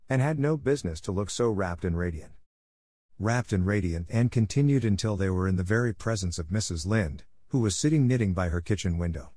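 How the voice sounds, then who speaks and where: A man narrating an audiobook with a measured, expressive reading. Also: fairly low pitch, dry recording, studio quality.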